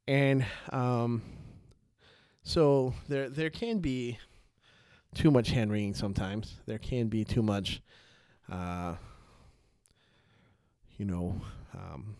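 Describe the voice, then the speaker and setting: A man's voice: on the low side, a little slow, warm tone, smooth, dry recording, studio quality. A man hosting a faith podcast, telling a Bible story in a loose, rambling way with lots of fillers and restarts, acting out the characters' lines as he goes. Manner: rambling, many fillers and restarts, laughs at his own tangents. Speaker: podcast host. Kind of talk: casual faith podcast talk.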